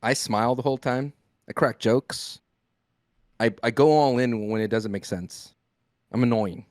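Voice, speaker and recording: A man's voice: mid-range voice, unhurried, darkish tone, no room sound. Mid-voiced guy on a podcast, playful and argumentative, dry close sound. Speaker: podcast co-host. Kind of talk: casual podcast chat.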